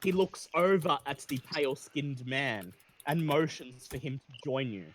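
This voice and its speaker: A man's voice: mid-range voice, moderate pace, a bit bright, slight background noise. A man narrating as game master in a tabletop game, describing scenes with occasional stumbles.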